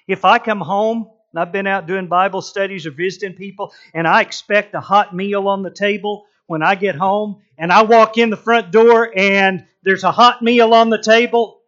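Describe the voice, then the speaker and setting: A middle-aged man preaches in an animated storytelling way, slipping into acted-out voices. His voice sits a bit high for a man. The recording sounds muffled and lo-fi. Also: normal speed. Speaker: pastor. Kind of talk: sermon.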